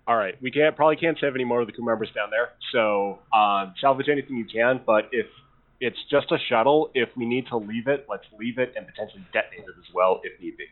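A man's voice: mid-range voice, quick pace. A man playing a starship captain in a tabletop game, giving orders decisively. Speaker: player as ship's captain. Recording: tinny voice call audio.

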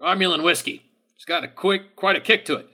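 A male game master narrates a tabletop session in a bright, somewhat high voice. His delivery is dry, with a teasing edge. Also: brisk.

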